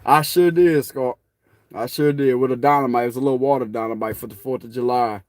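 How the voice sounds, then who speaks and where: A man's voice: mid-range voice, fairly even intonation, brisk, no echo. A man chatting casually to viewers on his phone, joking, laughing often and swearing freely. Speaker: spiritual tarot channel host. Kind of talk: casual rambling chat to viewers.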